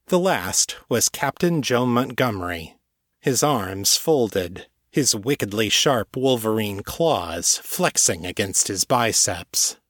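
Male narrator, audiobook fiction, lowish voice, measured storytelling, dry close sound. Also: lively intonation, a bit bright, dry recording.

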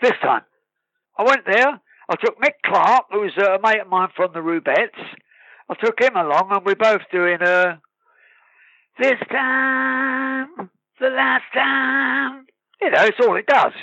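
A man tells his stories in a casual, lively manner. His voice sits high and sounds bright. The recording is dry and a little dull. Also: moderate pace, dry recording. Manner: lively storyteller, breaks into sung snatches and laughs. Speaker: guest musician. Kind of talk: casual anecdote telling.

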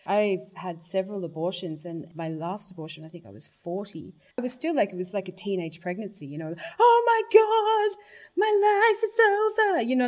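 A woman's voice: lowish voice, warm tone. A woman, speaking thoughtfully and earnestly in a personal interview. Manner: thoughtful, earnest, politically articulate.

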